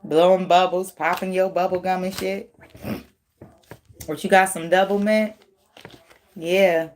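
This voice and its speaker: A woman's voice: fairly low pitch, fairly even intonation, a little slow, a little hiss or hum. A woman doing a tarot reading in casual, blunt, profane talk, teasing and laughing often. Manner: slangy, teasing. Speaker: tarot reader.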